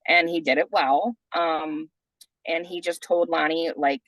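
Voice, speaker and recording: A woman's voice: deep voice, fairly even intonation, measured pace, dry recording, rough recording. A woman podcast host telling a personal story in a chatty way, full of "like" and "you know". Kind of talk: casual storytelling.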